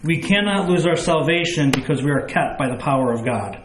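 A man's voice: a little high, expressive, a little fast, very echoey, slight background noise, low-quality recording. A man preaching a sermon, reading scripture and explaining it with everyday examples and rhetorical questions.

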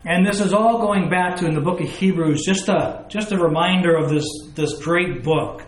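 A man's voice: high voice, normal speed. Emphatic man preaching in an echoey room. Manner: emphatic, repeats key words, stresses points with questions. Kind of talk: sermon.

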